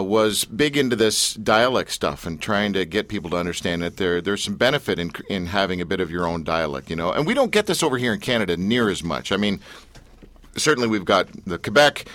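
Male radio host, bright and animated, jokey rambling studio banter. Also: low voice. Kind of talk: casual studio chat.

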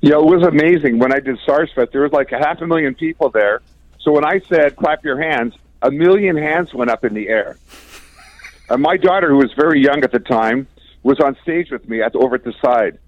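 A man's voice: mid-range voice, a little fast, dry recording. An older man from Canada, a guest musician, telling chatty stories in an interview and often chuckling. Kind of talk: casual storytelling interview. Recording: dry, dull lo-fi sound.

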